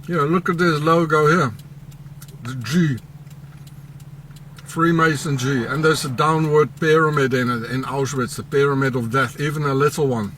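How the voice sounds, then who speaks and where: A man excitedly pointing things out as he walks, talking in a rambling, conspiratorial way outdoors. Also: a little high, normal speed, slight background noise, rough recording. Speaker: vlogger. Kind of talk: rambling walking commentary.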